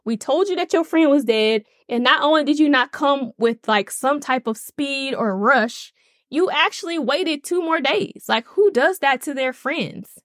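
A woman's voice: high voice, animated, measured pace, no echo, studio quality. A woman voicing two exasperated sisters scolding a friend who came late, in a retold story. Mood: indignant.

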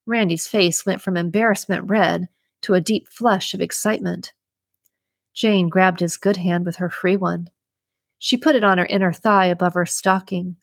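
A woman reading a thriller audiobook in an even, measured way. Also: mid-range voice, no room sound. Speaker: audiobook narrator. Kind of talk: scripted audiobook narration.

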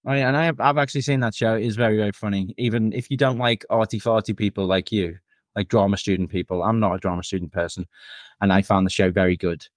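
Jokey podcast host. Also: male voice, on the low side, steady tone, quick pace, no echo, studio quality. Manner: jokey, laughs easily. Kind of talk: casual chat.

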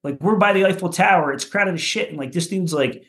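A man from Philadelphia, a punk rock musician, telling loose, profane stories on a podcast, with lots of filler and a voice that jumps higher at the funny parts. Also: a little fast. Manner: loose and profane, with many "like"s and "you know"s; animated, goes higher when telling funny bits. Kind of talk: casual podcast storytelling.

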